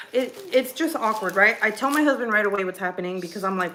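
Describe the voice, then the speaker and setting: A woman at home tells a gossipy neighbor story, rambling and profane, with constant restarts. Her voice sits at an ordinary pitch. A faint hiss runs under the recording. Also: a little fast, pushed and bright. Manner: swears often, restarts sentences. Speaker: vlogger. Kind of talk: casual storytime gossip while unboxing.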